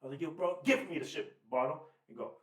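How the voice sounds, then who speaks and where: A man's voice: fairly high pitch, fast. Guy on a podcast telling a wild story, kinda far from the mic, echoey room. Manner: animated, swearing, acts out quotes. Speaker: podcast co-host. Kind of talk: casual storytelling chat. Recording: roomy, off-mic sound.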